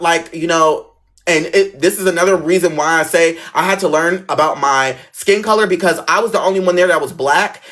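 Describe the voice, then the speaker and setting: A man's voice: high-pitched, fairly bright tone. A young man casually telling a story from his childhood and acting out the voices of the people in it.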